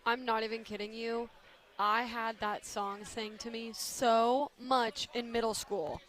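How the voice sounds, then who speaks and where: A woman's voice: on the high side, level tone, unhurried, a bit bright. A young woman on a sports radio show, chatting and laughing casually with the hosts.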